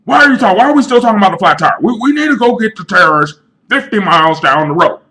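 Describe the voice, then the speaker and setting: A man voicing a frantic, bossy man in denial who shouts everyone down in a shrill voice. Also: lively intonation, quick pace. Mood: yelling. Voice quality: shrill, yelling.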